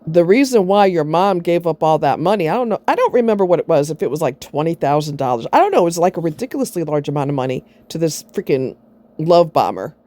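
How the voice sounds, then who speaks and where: A woman's voice: deep voice, very animated, fast, dark tone. A middle-aged woman vlogging, telling a personal story in a blunt, sarcastic way and swearing freely.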